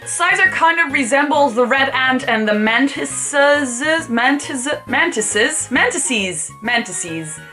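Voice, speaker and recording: A woman's voice: sits high, sharp tone. A young woman casually rating creatures for her video channel, chatty and playful, with swearing and jokey asides. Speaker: YouTuber rating Pokémon. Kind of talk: casual commentary vlog.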